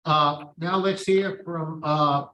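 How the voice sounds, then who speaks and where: A man chairing a parole board hearing, polite and formal and quick to apologize. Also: a little high, fairly even intonation, sharp tone, reverberant, dull audio, slight background noise.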